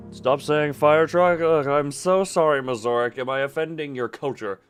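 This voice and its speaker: A man's voice: on the high side, normal speed, few pauses, clear, resonant tone, soft background music. A young man streaming a game, chatting casually in a rambling, jokey way and tripping over his words. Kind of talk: casual live-stream chat while gaming.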